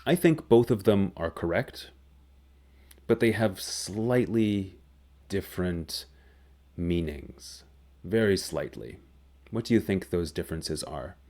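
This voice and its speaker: A man teaching a grammar lesson, explaining slowly and clearly. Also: sits low, expressive, a little mellow. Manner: slow, clear, deliberate explanation. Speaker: English teacher.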